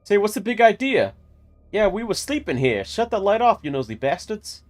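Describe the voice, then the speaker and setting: A man voicing cave bats that sound like gruff old male mobsters, barking rudely. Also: high-pitched, very animated, moderate pace, pitched above the performer's own voice. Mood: annoyed. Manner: rude, barking.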